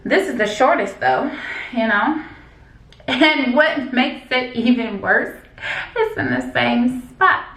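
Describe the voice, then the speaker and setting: Woman beauty vlogger, chatty, unhurried, slightly high voice, echoey room recording. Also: a bit bright, recorded from a distance. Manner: chatty, addresses viewers as y'all. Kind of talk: casual hair tutorial vlog. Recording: echoey room with faint music.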